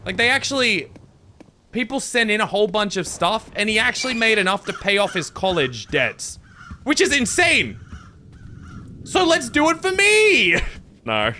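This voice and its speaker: A man's voice: high voice, very animated, moderate pace, pushed and bright, slight background noise. A man giving goofy, dramatic, self-mocking commentary while playing a video game. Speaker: gaming video creator. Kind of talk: let's-play commentary.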